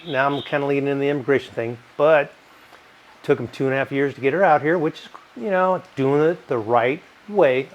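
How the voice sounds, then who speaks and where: A man's voice: medium pitch, lo-fi sound. A middle-aged man reviewing bourbon in a casual, rambling way, swearing often and drifting into rants. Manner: profane, rambling, ranting. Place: home in California.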